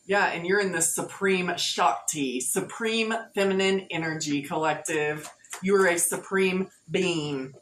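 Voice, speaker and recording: A woman with a lowish voice chats her way through a tarot reading, playful and slangy. The sound is roomy and echoey, with a faint hum of ambience behind her. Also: unhurried, fairly bright tone. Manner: playful, laughing, slangy, sings snatches of songs. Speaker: tarot reader.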